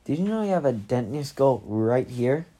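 A woman's voice: very deep voice, sing-song, moderate pace, warm tone, heavily acted. A woman reading the part of a cheeky, teasing teenage boy in a storybook. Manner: playful, mocking.

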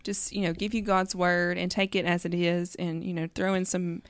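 Woman co-host, lowish smooth voice, easygoing and rambling. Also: moderate pace, dry recording. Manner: relaxed, rambling, frequent "you know". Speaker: podcast co-host. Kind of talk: casual faith discussion.

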